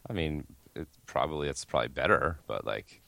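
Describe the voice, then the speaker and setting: A man on a comedy podcast tossing out wry jokes. His voice is extremely deep and his speech is rapid. The recording is dry and close. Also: lively intonation, creaky, a bit bright, dry recording. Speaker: podcast co-host. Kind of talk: casual banter.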